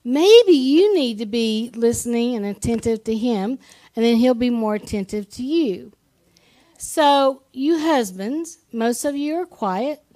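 A woman's voice: a little high, measured pace, warm tone. A woman preaching a sermon in a conversational way, asking the congregation questions and often restarting her phrases. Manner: frequent restarts and repeated words.

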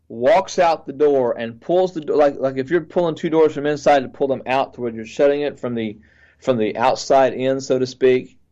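A male pastor earnestly recounts a dream at a middling pitch, often stopping and restarting his sentences. The audio is slightly muffled and dull. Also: darkish tone. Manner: earnest, halting, with frequent restarts.

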